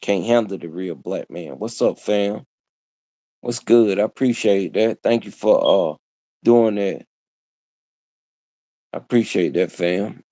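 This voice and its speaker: Preachy man with a low, mellow voice. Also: slow pace, pauses often, no room sound. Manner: preachy, repetitive, street slang. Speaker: livestream host. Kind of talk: casual livestream monologue.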